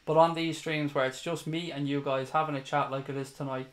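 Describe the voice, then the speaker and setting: An Irish man from Dublin hosts a live chat stream for fellow fans, with a voice that sits a little high for a man. He talks directly to his viewers, airs strong opinions and swears freely, mixing banter with heated rants. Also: steady tone, a little fast. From Ireland (Dublin). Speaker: fan channel host.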